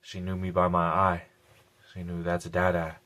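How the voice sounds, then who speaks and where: A man with a slightly low voice tells his own story straight to the camera. He talks bluntly in casual slang, with the odd curse. He repeats his key lines for emphasis. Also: completely flat delivery, moderate pace, fairly bright tone. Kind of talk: emotional personal storytelling.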